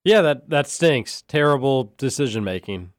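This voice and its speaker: A man's voice: mid-range voice, lively intonation, moderate pace, dry recording, studio quality. A man hosting a sports radio show, joking with his co-hosts in casual chat. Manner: joking, reads listener texts aloud.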